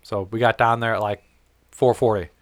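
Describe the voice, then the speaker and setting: A man's voice: on the low side, little pitch movement, moderate pace, dry recording, clean studio sound. A man in casual conversation, telling a long story in a rambling, self-correcting way and swearing freely.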